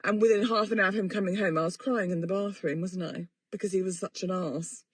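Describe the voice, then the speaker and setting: A woman's voice: mid-range voice, fairly even intonation, fairly quick, slightly rough, no room sound. A woman, hosting a podcast in a rambling, self-mocking and sweary casual chat. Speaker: podcast host. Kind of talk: casual chatty monologue.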